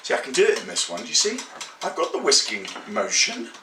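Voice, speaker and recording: A man's voice: high-pitched, huge pitch swings, brisk, creaky, noisy background. A man hosting a casual cooking demonstration, chatty and self-mocking with playful asides, heard in a kitchen. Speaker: home cooking host. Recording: roomy kitchen echo, distant mic.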